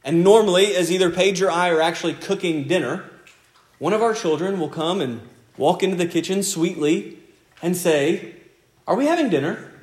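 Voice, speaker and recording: Guy pastor giving a sermon, kinda high voice, earnest and chatty, roomy echo. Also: moderate pace. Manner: earnest, conversational preaching with repeated phrases. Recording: echoey room sound.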